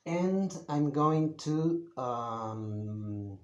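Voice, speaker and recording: A man's voice: mid-range voice, lively intonation, a little mellow, muffled recording. Patient male teacher, at a board in a roomy, echoing room. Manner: slow, patient, with many pauses and fillers. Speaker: Spanish teacher. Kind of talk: beginner language lesson at a whiteboard.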